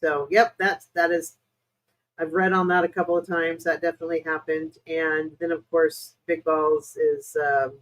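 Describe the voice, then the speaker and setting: This low-quality recording captures an American woman with a deep, level voice at normal speed, hosting a spiritual-reader live stream. She responds to viewers' questions in a rambling, halting way with lots of fillers, talking to them in a chatty, apologetic tone.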